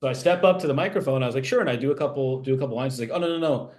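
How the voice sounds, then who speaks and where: Speaking rapid-fire in a medium-pitched, somewhat dark voice, this man is a TV animation writer being interviewed casually about his writing. He rambles, filling his talk with fillers and restarted thoughts.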